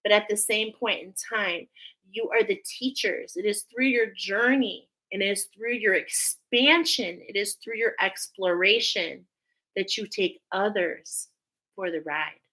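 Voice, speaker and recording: A woman's voice: mid-range voice, sharp tone, low-quality recording. A woman hosting a spiritual oracle card reading, talking effusively and often emotionally. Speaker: angel oracle card reader.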